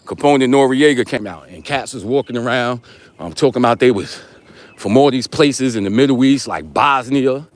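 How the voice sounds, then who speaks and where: A man in his forties with a New York accent, casually chatting on a live stream while walking and teasing viewers in street slang. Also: mid-range voice. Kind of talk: casual live-stream chat reading comments.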